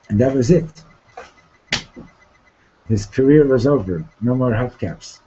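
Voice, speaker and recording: Male teacher, mellow voice, storytelling lesson, stop-start delivery, muffled classroom recording. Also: mid-range voice, a little hiss or hum. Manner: halting, repeats words and restarts, asks "Okay? Right?".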